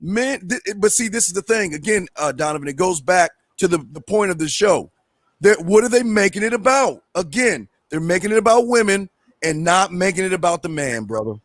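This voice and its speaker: A man with a fairly high voice speaks as a guest on a livestream. He talks bluntly and lectures, repeating his phrases. The sound is close and dry. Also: expressive, fairly quick, no echo. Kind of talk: casual livestream talk.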